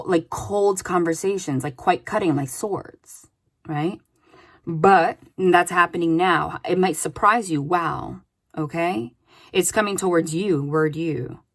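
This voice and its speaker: A woman giving a casual spoken tarot reading, chatty and loose, often adding "like" and "okay?". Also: lowish voice. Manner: chatty, with many "like" and "okay?" tags. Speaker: tarot reader.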